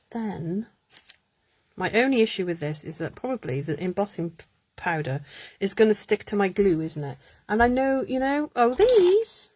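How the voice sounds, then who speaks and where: A woman with a medium-pitched voice, captured in a dry recording, hosts a live card-making stream. She chats casually, mutters to herself and laughs while she works.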